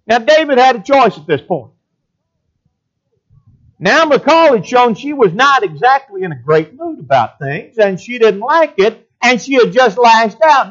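A man's voice: high-pitched, fairly bright tone, lo-fi sound. A man preaching a sermon and reading scripture aloud in an old-fashioned cadence.

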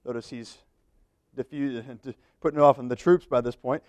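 A man's voice: medium pitch, fairly even intonation, normal speed, a little mellow, clear, resonant tone, no room sound, clean studio sound. A man reading scripture aloud as a preacher, with conversational asides between verses.

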